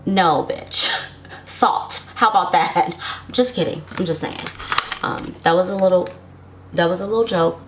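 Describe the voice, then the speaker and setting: A woman's voice: fairly low pitch, measured pace. Woman tarot reader addressing viewers directly, sassy, chatty and reassuring, laughs often, faint background noise. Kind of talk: casual tarot love reading to camera.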